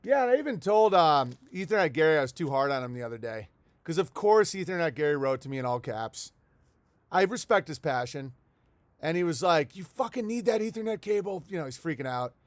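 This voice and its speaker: A man's voice: a little high, lively intonation, brisk, clear, resonant tone, no echo. Rambling, profane man on a livestream. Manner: rambling, profane, reads viewer letters aloud. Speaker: livestream host. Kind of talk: casual livestream chat. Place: at home in the countryside.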